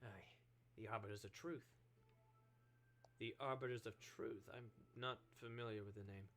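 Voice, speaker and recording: A man's voice: fairly low pitch, steady tone, moderate pace, fairly bright tone, voice pushed down. A man voicing a nervous, shifty male informant who stammers and speaks in a put-on accent. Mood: hushed, secretive.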